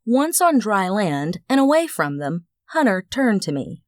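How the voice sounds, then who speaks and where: A woman narrating a first-person audiobook with an expressive, wry storytelling manner. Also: mid-range voice, measured pace, hardly any pauses, dry recording, studio quality.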